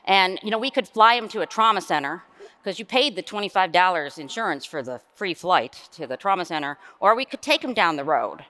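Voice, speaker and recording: A woman voicing a hesitant male EMT caller with a Southern US accent. He talks haltingly and politely and keeps saying "ma'am". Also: high-pitched, animated, sharp tone.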